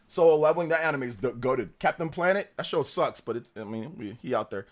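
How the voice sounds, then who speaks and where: A young man hosting a live reaction stream, chatting in a relaxed, slangy way, humming tunes and laughing often. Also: a little high, fairly quick, few pauses.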